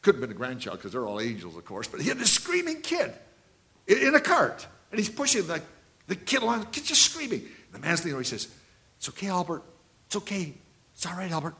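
This man, around seventy, speaks at a quick pace with a voice on the high side and huge pitch swings. In his sermon he tells anecdotes, repeats key phrases, and alternates between booming and hushed tones.

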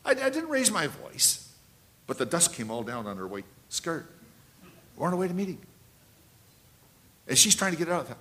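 A man around seventy preaching a sermon, telling anecdotes and repeating key phrases, swinging between loud and hushed delivery. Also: on the high side, very animated, normal speed, pauses often.

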